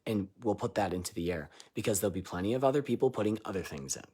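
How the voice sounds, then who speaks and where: Husky, low-pitched man; live spiritual channeler, irreverent and laughing, booming lines and muttered asides. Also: animated, rapid-fire. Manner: loose and irreverent, swearing and laughing between lines; swings between loud declarations and quiet asides.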